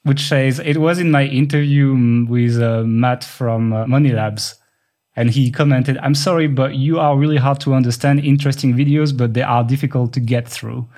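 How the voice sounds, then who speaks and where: A French man, a non-native English speaker with a French accent, co-hosts a podcast in casual chat, talking rapidly and explaining at length. His voice is medium-pitched and a little mellow, with fairly even intonation.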